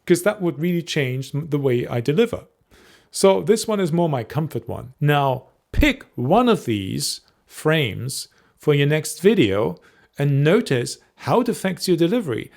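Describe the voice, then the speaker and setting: Presenting coach, male, mid-pitched, direct, keeps checking the viewer follows. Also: a little mellow. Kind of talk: instructional talk to camera.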